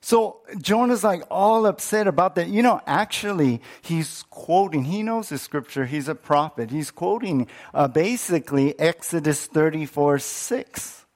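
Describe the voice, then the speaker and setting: High-voiced animated male pastor. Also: unhurried, few pauses. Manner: animated, acts out quoted lines with rising pitch and many restarts. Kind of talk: sermon.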